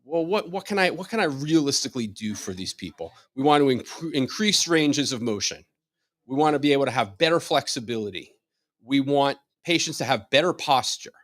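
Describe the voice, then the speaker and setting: A man's voice: mid-range voice, lively intonation, brisk, a bit bright, no room sound. A middle-aged man, a chiropractor, leading a wellness workshop in a chatty, joking way, with many rhetorical questions and frequent restarts. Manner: repeats words when starting sentences. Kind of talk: informal live workshop talk.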